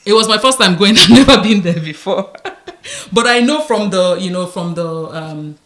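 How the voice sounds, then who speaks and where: Nigerian woman cohost, mid pitch, tells stories with lots of voices. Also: moderate pace. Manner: expressive, acts out quotes. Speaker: podcast co-host. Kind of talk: casual storytelling chat.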